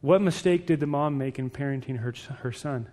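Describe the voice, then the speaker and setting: A steady, firm mother speaking low and softly, each word measured as she instructs her son, as a man recalls her. The voice drops well below the speaker's own and stays quiet and patient. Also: big-room sound, lightly acted. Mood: calm, firm.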